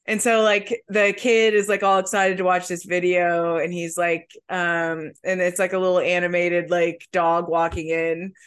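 A woman's voice: lowish voice, flat delivery, measured pace, few pauses, clean tone. A woman co-hosting a casual comedy podcast, chatting loosely with many fillers. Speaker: podcast co-host.

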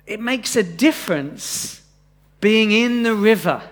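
Male preacher, high-pitched, easygoing delivery, live sermon with questions to the room. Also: expressive, slow. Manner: conversational, asks the congregation questions. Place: church, live congregation.

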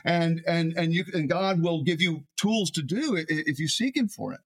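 A man, a pastor, preaching a sermon in an animated way, often repeating words as he builds a point. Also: a little high, normal speed.

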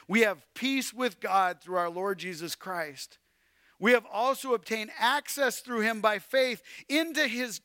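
A man preaching a sermon, swinging between loud calls and hushed, quiet passages. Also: high voice, dry recording, clean studio sound. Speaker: pastor.

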